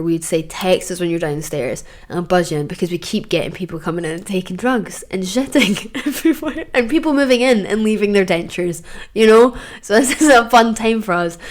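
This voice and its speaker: Scottish woman telling wild stories. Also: medium pitch. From Scotland. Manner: animated, swears freely, laughs mid-sentence, acts out quoted voices. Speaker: podcast host. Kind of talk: casual storytelling monologue.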